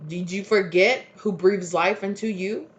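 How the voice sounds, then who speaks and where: A woman voicing a booming, stern divine spirit that scolds a human, slow and solemn. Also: fairly even intonation, highs cut off, natural voice. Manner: slow, solemn, loud reproach.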